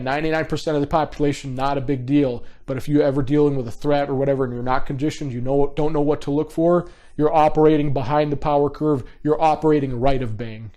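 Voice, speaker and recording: A man's voice: medium pitch, steady tone, quick pace, dark tone. A man teaching a behavior profiling class over a video call. He talks casually and directly and keeps checking in with the class. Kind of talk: live online coaching class.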